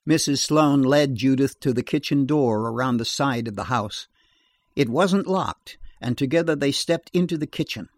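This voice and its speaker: A man narrating a horror story in a steady, measured reading voice. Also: mid-range voice, dry recording.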